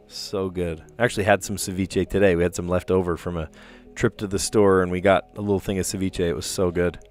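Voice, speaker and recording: American man, low-pitched, casual rambling chat, faint background music. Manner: rambling, chatty, tags "right?". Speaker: puzzle livestream host. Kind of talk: casual chat while solving puzzles.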